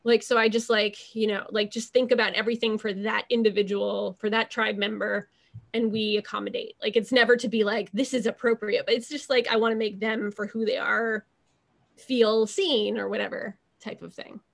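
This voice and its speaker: A young woman with a gravelly, fry-laden voice talks through her ideas in a casual interview. Her speech wanders, full of fillers and restarted thoughts, in a middle register. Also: medium pitch, flat delivery, normal speed. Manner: rambling, filler-heavy, restarts thoughts often. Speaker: interview guest.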